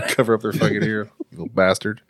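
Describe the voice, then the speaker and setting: Lowish-voiced crude joking man. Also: fairly quick, dry recording, clean studio sound. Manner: crude, swears constantly, joking. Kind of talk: casual podcast chat.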